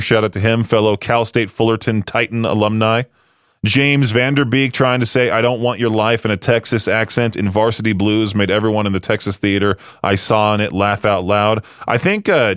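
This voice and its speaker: A man's voice: fairly low pitch, a bit bright, clean tone, no room sound. A man hosting a radio show in a studio, chatting casually with lots of fillers and self-deprecating asides. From United States. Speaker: radio host.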